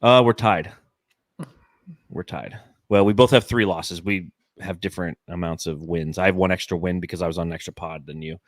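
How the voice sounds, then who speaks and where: A Phoenix, Arizona man in his forties co-hosts a casual sports podcast, his low voice steady and moderately paced. He tells rambling, profane stories packed with fillers. The recording is studio quality with no echo.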